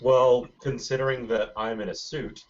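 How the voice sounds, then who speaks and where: A man's voice: mid-range voice, steady tone, normal speed, a little hiss or hum. A man playing a tabletop game, chatting in a wry, casual way, on a dull lo-fi recording. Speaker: player.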